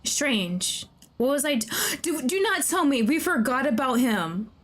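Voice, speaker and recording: Excitable woman streamer, slightly high voice, gushes over a game and talks to its characters. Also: unhurried. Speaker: VTuber streamer. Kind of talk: let's-play commentary.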